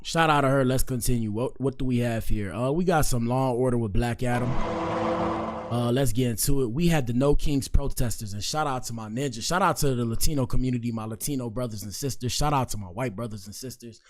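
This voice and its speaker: Man hosting a podcast, mid-pitched, slangy and joking, rambling asides. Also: brisk, heavy background noise. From Miami, Florida. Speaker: podcast host. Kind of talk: casual commentary show.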